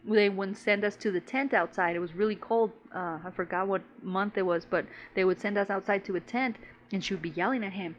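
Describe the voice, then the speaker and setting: A woman's voice: medium pitch, moderate pace, dull audio. A woman co-hosting a podcast, telling stories in casual, profane slang, saying "bro" a lot and laughing as she talks. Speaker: podcast co-host. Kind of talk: casual storytelling chat.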